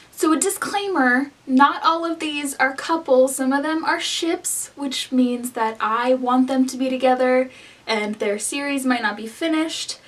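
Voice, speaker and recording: A woman's voice: sits high, recorded from a distance. A young woman, a book vlogger, chatting casually to the camera in a gushing, rambling way full of "like" fillers.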